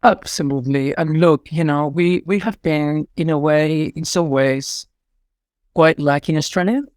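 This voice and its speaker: A man's voice: on the high side, normal speed, darkish tone, no echo, clean studio sound. A middle-aged man with a Spanish accent, answering interview questions in an effusive, rambling way with many fillers. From Spain. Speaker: artistic director and choreographer.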